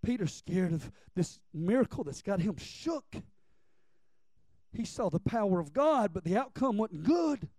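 A middle-aged man preaching a sermon, telling stories with emphasis and dropping quiet for personal memories. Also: high-pitched, big pitch swings, measured pace, no echo.

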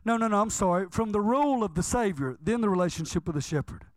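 High-voiced fervent preacher man. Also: animated, dry recording. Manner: fervent, emphatic, drawn-out stresses. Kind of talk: sermon.

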